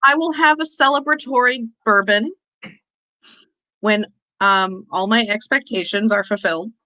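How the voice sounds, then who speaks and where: A woman's voice: medium pitch, measured pace, pushed and bright, low-quality recording. A woman in her twenties, a guest on a casual livestream chat, speaking with a dry, sarcastic edge. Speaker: stream guest.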